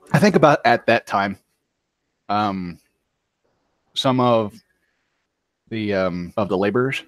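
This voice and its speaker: A man describing his character's moves in a tabletop role-playing game, pausing often with hesitant fillers. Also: on the low side, dry recording. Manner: halting, many ums. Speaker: player.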